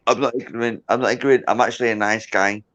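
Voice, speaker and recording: A man's voice: mid-range voice, fairly even intonation, quick pace, a bit bright. A Scottish man, tipsy with hiccups, rambling in boisterous drunken banter as a guest on a livestream. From Scotland. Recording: dull lo-fi sound.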